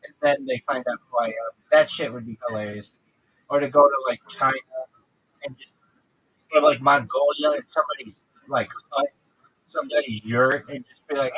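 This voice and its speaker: A man's voice: mid-range voice, fairly bright tone, husky, dry recording, low-quality recording. A man hosting a livestream, chatting casually and swearing as he jokes, acting out imagined conversations in different voices. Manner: profane, joking, acts out imagined dialogue. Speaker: livestream host.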